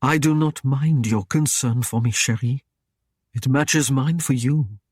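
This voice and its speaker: A man reading an audiobook, voicing a stern and proud Norman knight who speaks in a gruff, commanding way. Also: mid-range voice, measured pace, a little mellow, dry recording, studio quality. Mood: low tender. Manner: gruff, commanding, dryly mocking.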